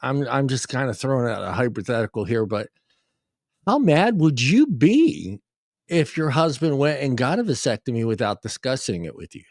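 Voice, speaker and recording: A man's voice: mid-range voice, sing-song, moderate pace, darkish tone, dry recording, studio quality. A man co-hosting a casual talk show, laughing and rambling with stammering restarts. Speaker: co-host. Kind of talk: casual banter.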